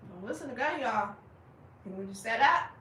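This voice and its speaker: A young woman chatting casually with viewers on her livestream, animated and laughing as she acts out their reactions. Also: fairly high pitch, normal speed, roomy sound, recorded from a distance, a little hiss or hum, low-quality recording. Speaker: livestream host.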